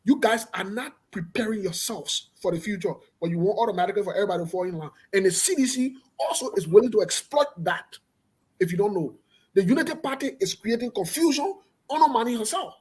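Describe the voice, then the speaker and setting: A man runs a political talk show, pressing his points with emphatic repetition. His voice has a husky, breathy edge. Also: high voice, animated, fast, darkish tone.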